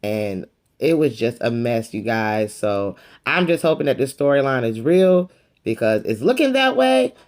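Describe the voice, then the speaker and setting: A woman's voice: very deep voice, big pitch swings, a little slow, darkish tone. A woman giving a sassy, dramatic casual recap of a reality TV episode. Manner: sassy, dramatic, calls the viewer honey. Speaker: YouTube reviewer.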